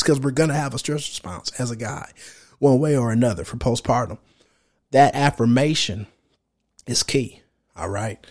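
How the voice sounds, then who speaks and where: A man in his thirties hosting a podcast, giving casual, direct advice in a slangy, animated way and acting out what other men might think. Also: mid-range voice. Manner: animated, slangy and direct, acts out quoted thoughts. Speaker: podcast host.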